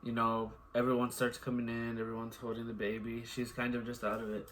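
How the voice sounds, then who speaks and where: A man's voice: mid-range voice, completely flat delivery, a little fast, a bit bright, slight background noise. A man, a new father, chatting casually, rambling and repeating filler words. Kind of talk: casual chat.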